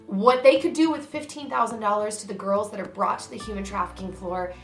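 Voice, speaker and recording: A woman's voice: mid-range voice, a little fast, reverberant, faint music behind. A woman vlogger talking straight to her viewers, earnest and emphatic, about a cause close to her heart. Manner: earnest, emphatic, grows emotional. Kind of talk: heartfelt direct-to-camera vlog.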